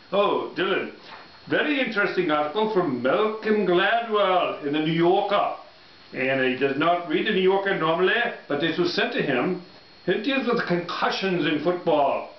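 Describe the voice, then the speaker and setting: A man co-hosting a casual sports picks chat, rambling and mock-formal with many fillers. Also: sits high. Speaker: co-host of a sports picks show. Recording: roomy, dull home recording.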